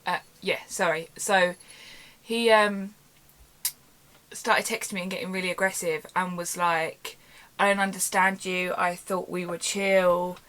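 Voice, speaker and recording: A young woman casually telling a storytime vlog from her bedroom, animated and chatty, acting out quoted dialogue. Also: lowish voice, unhurried. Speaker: YouTuber. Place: home bedroom. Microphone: camera on tripod.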